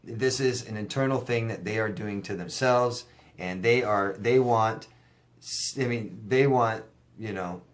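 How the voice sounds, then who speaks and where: A man answering viewer questions as a life coach, blunt and emphatic, swearing now and then to drive a point home. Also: fairly low pitch. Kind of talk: casual direct-to-camera advice.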